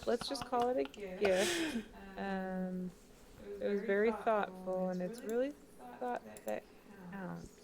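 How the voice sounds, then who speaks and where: A woman's voice: mid-range voice, takes it slowly, gravelly, long pauses, a crowd in the background. A woman playing in a tabletop game, chatting casually with a hesitant, wry delivery. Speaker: player.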